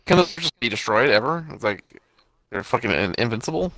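A man's voice: medium pitch, expressive, brisk, pushed and bright, no echo, low-quality recording. A man in casual, profane chat, dropping wry jokey asides. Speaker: podcast co-host.

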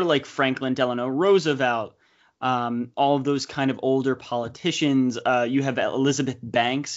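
A young man hosting a casual movie podcast, talking fast with quick asides. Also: mid-range voice. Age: young adult. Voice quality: chatty, quick asides, frequent laughs. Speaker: podcast host. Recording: slightly dull podcast audio.

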